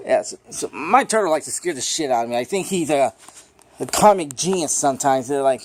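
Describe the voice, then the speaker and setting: A man giving a casual, unscripted movie review, rambling and excitable, swearing freely and filling gaps with "you know" and "like". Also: mid-range voice, a little fast, slight background noise.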